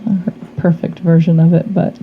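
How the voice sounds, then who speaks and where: Slightly hoarse lady reading tarot cards, low voice, slow rambly chat, a bit muffled. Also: level tone, slight background noise. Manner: meandering, chatty, trails off with fillers. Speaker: tarot reader. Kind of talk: casual tarot reading vlog.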